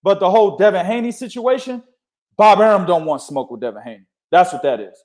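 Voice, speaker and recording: A man's voice: sits high, animated, a little fast, a little mellow. A young man hosting a casual boxing talk show, swearing freely and laughing often as he argues his points. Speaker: boxing podcast host.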